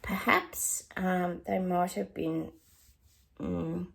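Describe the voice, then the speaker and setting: A woman's voice: fairly low pitch, fairly even intonation, slow, vocal fry. An Australian woman, middle-aged, chatting through psychic predictions in a rambling way with lots of ums and asides. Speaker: psychic medium. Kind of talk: casual livestream predictions.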